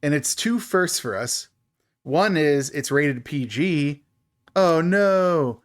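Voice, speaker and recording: A man's voice: fairly high pitch, animated, slow pace. A man co-hosting a podcast, chatting casually about a horror movie and laughing often. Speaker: podcast co-host. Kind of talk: casual movie review chat.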